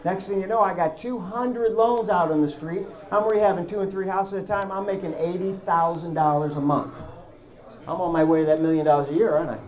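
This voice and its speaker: A man's voice: high-pitched, steady tone, a little fast. A man giving a stage presentation, telling a story and acting out both sides of phone calls in quoted dialogue. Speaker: public speaker.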